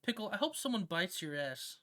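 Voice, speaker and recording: Excitable streamer, lively bright voice. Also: medium pitch, brisk. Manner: slangy, swears a lot, keeps saying "bro"; emotional and excitable, often laughing. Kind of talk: casual livestream chat with viewers.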